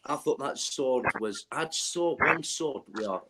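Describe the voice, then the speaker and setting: A man's voice: mid-range voice, expressive, slow pace, a loud crowd. A man in casual live-stream chat, laid-back and swearing casually.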